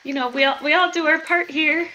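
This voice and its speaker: A woman's voice: high voice, fairly even intonation, fairly quick, bright, forceful tone, voice pushed up, low-quality recording. A woman voicing a nervous middle-aged village wife who stammers and pleads through tears. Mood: nervous, flustered.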